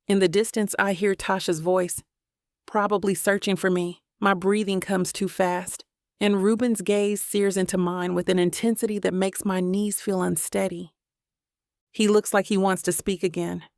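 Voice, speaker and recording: A woman reading a romance audiobook as a steady first-person narrator. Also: mid-range voice, vocal fry, no room sound, clean studio sound.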